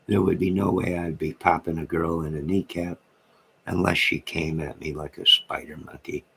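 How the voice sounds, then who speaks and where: A man's voice: sits low, fairly even intonation, normal speed, vocal fry, fairly bright tone, husky. A man hosting a late-night livestream from home, bantering and joking in a rambling way as he answers his viewers' comments. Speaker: livestream host reading chat.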